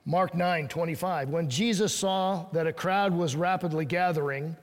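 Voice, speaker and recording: A man with a high voice preaches in a relaxed, conversational way, reading scripture aloud and voicing the people in it. The sound carries a long hall reverb, as if he stands in a large church. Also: moderate pace. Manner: conversational preaching, acts out quoted lines. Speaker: pastor. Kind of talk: sermon.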